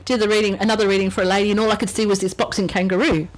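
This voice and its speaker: A woman's voice: mid-range voice, little pitch movement, very fast, rough recording. A woman, a psychic medium, telling rambling anecdotes in conversation and acting out the voices she quotes. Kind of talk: storytelling in a conversation.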